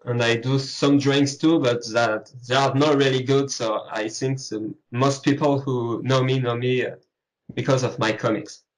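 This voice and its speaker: A man with a French accent, a French native speaker, answering as an interview guest and pausing to search for English words. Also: mid-range voice, steady tone, slight background noise, poor audio. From France. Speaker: guest, comic artist.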